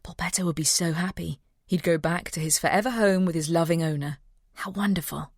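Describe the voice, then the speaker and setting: A woman's voice: lowish voice, fairly even intonation, brisk, no room sound, studio quality. A woman narrating a mystery audiobook and voicing a cheerful young vet. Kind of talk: scripted narration.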